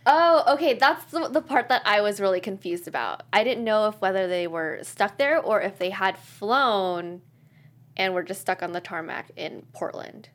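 A young woman co-hosting a casual podcast, playful and quick to agree and laugh. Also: medium pitch, animated, fairly bright tone. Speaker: podcast co-host. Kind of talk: casual chat.

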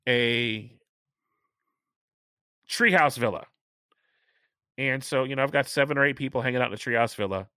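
A middle-aged man hosting a casual chat, talking chattily and stressing key points by slowing down. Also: medium pitch, sharp tone, clean tone, no echo, studio quality. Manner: chatty, emphatic, repeats points slowly for stress.

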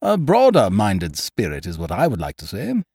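A man's voice: lowish voice, huge pitch swings, moderate pace, gravelly, darkish tone, slightly rough, dry recording, clean studio sound, full character voice. A man voicing a boisterous, scheming young man, full of big plans, who talks in a hearty, breezy way. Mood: exuberant. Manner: hearty, breezy, calls people "old horse" and "laddie".

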